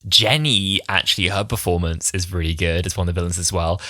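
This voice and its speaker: A man's voice: deep voice, fairly even intonation, brisk, sharp tone, dry recording, studio quality. A man in his twenties co-hosting a podcast, analysing an episode earnestly with the odd sweary aside. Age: 20s. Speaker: podcast co-host. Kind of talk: casual chat.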